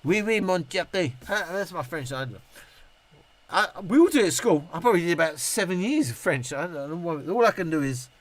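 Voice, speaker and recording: A man's voice: fairly high pitch, sing-song, brisk. A tipsy middle-aged man, rambling, swearing and laughing as he answers viewer comments on a live stream. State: tipsy from drinking. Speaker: YouTube reviewer on a live stream.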